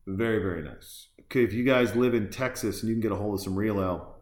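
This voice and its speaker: A man's voice: on the low side, quick pace, darkish tone. Rambling male podcast host in an echoey room. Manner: rambling and loose, with frequent fillers and restarts. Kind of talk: casual chat, reacting to a film while drinking beer.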